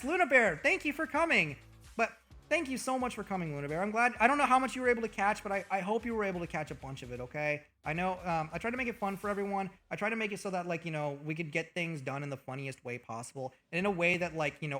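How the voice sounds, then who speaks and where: A young man streaming live, chatting casually in a rambling, excitable way with a lot of swearing. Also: on the high side.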